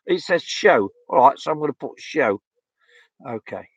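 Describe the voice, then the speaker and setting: A man's voice: medium pitch, animated, normal speed, slightly rough, no echo. A man hosting a casual live stream, talking bluntly and heatedly with many fillers and restarts while reading viewer comments. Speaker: vlogger reading live chat. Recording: dull lo-fi dry sound.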